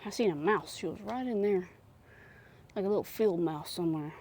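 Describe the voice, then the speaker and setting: A woman chats casually to her viewers from her homestead. Her manner is folksy and easygoing. Her voice sits at an ordinary middle pitch. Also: normal speed, darkish tone, slight background noise. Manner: folksy, chatty, talks straight to viewers. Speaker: homesteading vlogger. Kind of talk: casual vlog chat. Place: homestead barn or coop.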